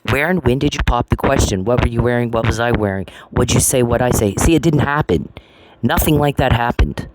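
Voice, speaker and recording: A man's voice: mid-range voice, brisk. A man in an angry monologue, confrontational and profane, repeating taunting questions. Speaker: vlogger. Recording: noisy recording with clicks.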